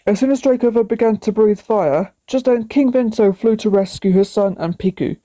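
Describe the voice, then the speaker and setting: A woman's voice: medium pitch, normal speed, warm tone. A woman reading her own children's story aloud, plainly, with small slips. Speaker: storybook reader.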